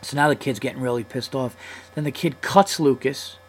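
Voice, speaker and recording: A man's voice: medium pitch, moderate pace, breathy edge, rough recording. A man in his thirties hosting a comedy podcast, telling a long story in a casual, profane, heated way. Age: 30s. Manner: profane, heated, animated retelling.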